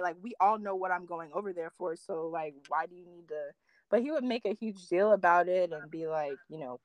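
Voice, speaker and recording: A young woman telling dating stories in casual chat, full of "like" fillers and quoting others with big jumps in pitch. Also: brisk, no echo. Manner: animated storyteller, acts out quotes with big pitch jumps, many "like" fillers.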